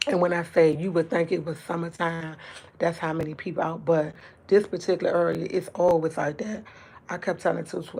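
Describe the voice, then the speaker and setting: A woman with a lower-pitched voice speaking spins a long story to her livestream. She talks casually and swears freely, climbing into exasperated retellings of what she said. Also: normal speed, husky. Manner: animated, profane, rising to exasperated retellings. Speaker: livestream host.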